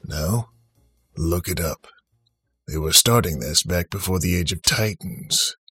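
A man voicing a grumpy, paranoid character who mutters about government control in a low, hushed way. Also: measured pace, husky, faint music behind, exaggerated voice. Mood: conspiratorial.

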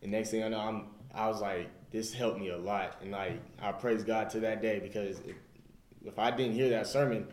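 A man's voice: fairly low pitch, fairly even intonation, normal speed, darkish tone, reverberant. A young man sharing a personal faith story in a group, earnest and rambling, retelling his own words with "I was just like.". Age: young adult. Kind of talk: casual personal testimony.

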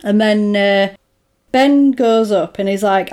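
A woman in relaxed conversation, recapping a film plot at length. She talks in a casual, rambling way, with plenty of fillers, and slips into the characters' voices when she quotes them. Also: medium pitch, slow pace, clean tone. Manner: chatty retelling with lots of "like" and "basically", acting out characters' lines. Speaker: podcast co-host recapping a film. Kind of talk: casual chat.

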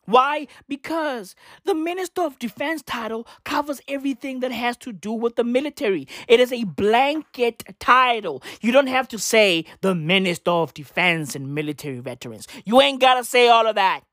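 A woman rants on camera with a swinging, lively delivery, full of slang and swearing. Her voice sits fairly high and the sound is close and dry, with no room around it. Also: normal speed, few pauses, no echo. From South Africa. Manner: animated, swearing, slangy, repeats punchlines. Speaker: comedic vlogger. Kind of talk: profane comedic rant to camera.

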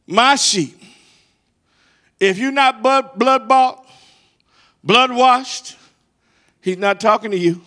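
A middle-aged man preaching with a bright, high voice that rises into impassioned peaks. He takes his time, letting each phrase land slowly. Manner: impassioned rising cadence, then hushed and soft. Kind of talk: sermon.

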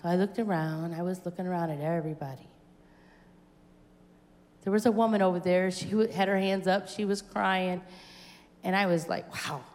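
A woman's voice: on the low side, fairly even intonation, normal speed, pauses often, a little mellow. A woman giving a church testimony, telling her story with acted-out dialogue and rising to fervent exclamations. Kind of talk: personal testimony at a church service. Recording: echoey church hall with long reverb.

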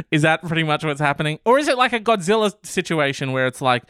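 Sarcastic man with a smooth voice. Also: a little high, very animated, normal speed, pauses often, a bit bright, dry recording, studio quality. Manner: sarcastic, swears, laughs often. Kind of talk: casual news commentary.

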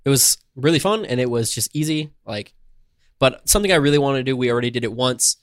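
A man's voice: mid-range voice, animated, quick pace, no room sound, studio quality. A man co-hosting a podcast in casual chat, talking loosely with many "um"s and "like"s. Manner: loose and hesitant, full of "um" and "like". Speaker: podcast co-host.

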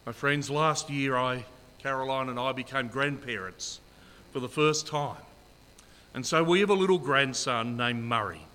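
A man's voice: mid-range voice, moderate pace, sharp tone, big-room sound. A middle-aged man preaching a sermon as pastor, earnest and emphatic, repeating key phrases.

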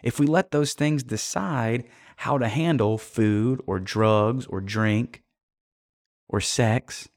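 A man's voice: mid-range voice, slow, dry recording, studio quality. A man delivering a blunt, profane motivational monologue, addressing the listener directly and emphatically. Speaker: motivational speaker.

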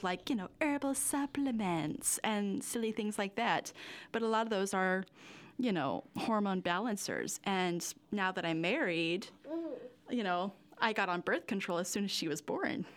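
A young woman giving a candid personal interview, rambling with lots of fillers and nervous little laughs. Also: medium pitch. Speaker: interview guest.

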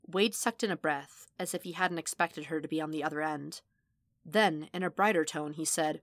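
A woman narrating fan fiction as an audiobook, steady and measured in her storytelling. Her voice sits low, recorded close and dry. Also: no room sound. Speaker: podfic reader.

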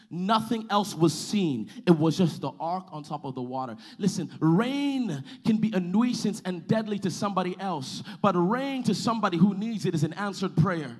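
A man preaching a sermon to his church, calling for responses and building to loud, sung-out climaxes. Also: high voice. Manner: preaching with call-and-response, swelling to shouts. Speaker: pastor.

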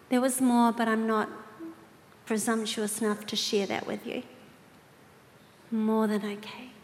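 A woman preaching to a women's gathering, telling a personal story with animated asides and direct questions to the audience. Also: fairly high pitch, measured pace, long pauses. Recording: reverberant hall with faint ambience.

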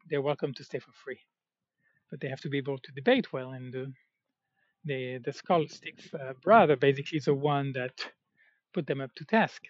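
A man's voice: a little high, dry recording. A man talking in a rambling, casual monologue, full of fillers and self-corrections. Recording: dull, slightly muffled, dry sound.

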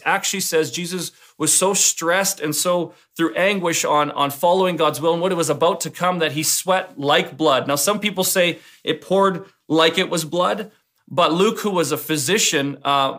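Earnest halting male preacher. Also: fairly high pitch, a bit bright. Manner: earnest, halting with repeated words and fillers. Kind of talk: casual devotional talk.

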